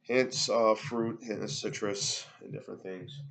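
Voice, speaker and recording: Recorded on a laptop's built-in mic as he moves around his home, this man offers a rambling, hesitant beer review full of fillers for a casual vlog. He has a congested, nasal voice on the low side with vocal fry, a bit bright, steady in tone and unhurried, with slight background noise.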